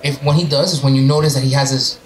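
A man's voice: mid-range voice, fairly even intonation, quick pace, slight background noise, low-quality recording. A man co-hosting a podcast who teases the others in a wry, slangy way. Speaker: podcast co-host. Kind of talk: casual chat.

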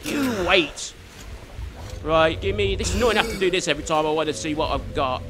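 A man giving chatty, excitable let's play commentary, swearing mildly and talking to the game character. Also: a little high, fairly quick, noisy background. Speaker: gamer.

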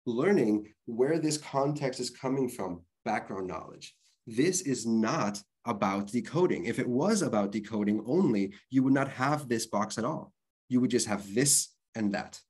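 A man's voice: mid-range voice, expressive, measured pace, darkish tone, breathy edge. A man presenting an online literacy workshop, explaining things in a conversational way and spelling out sounds. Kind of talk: workshop lecture.

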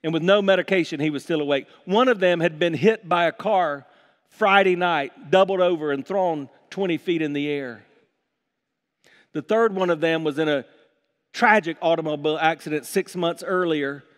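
A man preaching a sermon as pastor, animated and acting out scripture passages with playful voices. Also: a little high, moderate pace, big-room sound. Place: church sanctuary.

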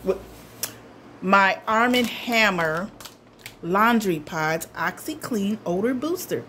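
A woman's voice: medium pitch, animated, slow, fairly bright tone, slight background noise. An older woman, chatting casually to the camera at home as she shows off a shopping haul. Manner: chatty, homey, talks straight to viewers as y'all. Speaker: vlogger showing a shopping haul. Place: at home in her apartment.

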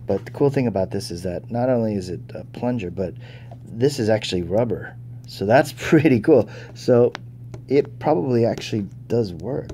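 A man's voice: medium pitch, dark tone, slight background noise. A man giving casual, chatty toy unboxing commentary, thinking aloud and easily impressed. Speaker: toy reviewer.

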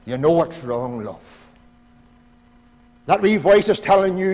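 A Northern Irish man preaches from the pulpit, his voice sitting a little high as he pleads with the congregation. He swings between loud appeals and hushed asides. Long reverb from the church hall trails after every phrase. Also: lively intonation, slow pace, long pauses. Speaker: pastor. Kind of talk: sermon. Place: church sanctuary.

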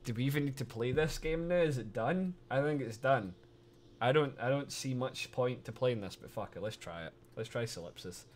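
A man chatting casually on a live stream, excitable and swearing freely, laughing often as he talks to his chat. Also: mid-range voice, normal speed, a little hiss or hum.

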